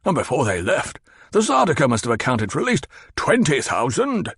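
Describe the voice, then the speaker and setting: A man's voice: mid-range voice, wildly swooping pitch, moderate pace, a bit bright, slightly rough, no echo, studio quality, pitched above the performer's own voice, heavily acted. A man voicing a fat, pompous and petulant old baron who blusters and demands answers. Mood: blustering.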